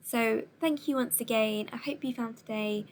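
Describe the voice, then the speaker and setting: Patient woman teacher giving clear instructions. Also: a little high, moderate pace, slight background noise. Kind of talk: recorded remote lesson over slides.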